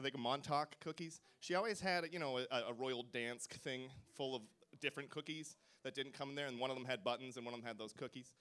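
A man's voice: medium pitch, fairly bright tone, smooth. Wry rambling male comedian. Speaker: comedian contestant. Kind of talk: stand-up riffing.

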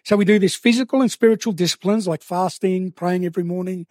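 A man preaching a sermon to a church, earnest and drawing out key phrases slowly for emphasis. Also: high-pitched, mellow, no echo, studio quality.

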